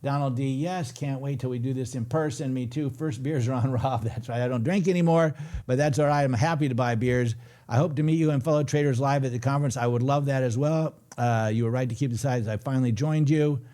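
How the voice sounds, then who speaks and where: Middle-aged guy running a live trading stream, joking around, reading the chat, normal pitch. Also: fairly quick, dark tone. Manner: chatty, jokey, reads chat aloud. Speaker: trading show host.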